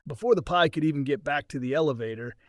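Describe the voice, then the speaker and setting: Guy telling his own story, talks earnest and casual, slightly high voice, dry close sound. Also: fast talker, no room sound. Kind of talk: first-person story narration.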